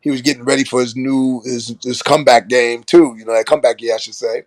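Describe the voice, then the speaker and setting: An older man tells a long story on a podcast, putting on voices for the people in it and laughing along. His voice sits at an ordinary middle pitch and is recorded close and dry, with no room sound. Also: fast talker, no echo. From Brooklyn, New York. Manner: animated anecdote-telling with laughs and acted quotes. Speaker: podcast guest. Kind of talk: storytelling in casual chat.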